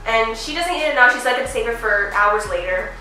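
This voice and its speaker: A woman's voice: a little high, brisk. A young woman casually telling funny family stories on her vlog, giggling and acting out her parents' lines. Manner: giggly, animated, acts out family members' lines. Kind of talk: casual storytelling. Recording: echoey room, off-mic, faint music.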